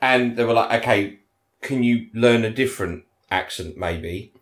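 A man's voice: mid-range voice, unhurried, reverberant. A man co-hosting a podcast, telling dry, jokey anecdotes in casual banter. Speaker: podcast co-host.

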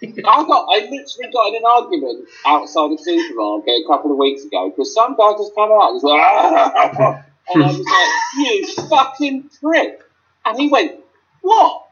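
A man's voice: high-pitched, very animated, fast, few pauses, a bit bright, lo-fi sound. A man ranting animatedly and swearing in a casual chat.

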